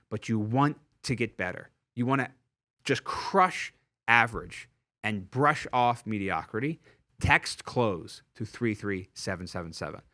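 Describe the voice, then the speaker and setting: A man hosting a sales podcast, delivering an energetic motivational talk and repeating key points for emphasis. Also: medium pitch. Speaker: sales trainer and podcast host.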